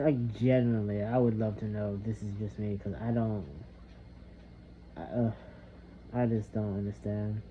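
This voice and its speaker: A young man venting in a casual monologue, rambling and frustrated, swearing often and trailing off into mutters. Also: medium pitch. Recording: slightly dull lo-fi recording with faint background noise.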